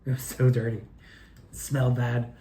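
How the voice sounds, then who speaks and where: A man spins a meandering, excitable personal story, swearing freely and tripping over restarts. His voice sits at a middle pitch. The sound bounces around an echoey room. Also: unhurried. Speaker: video creator telling his own story.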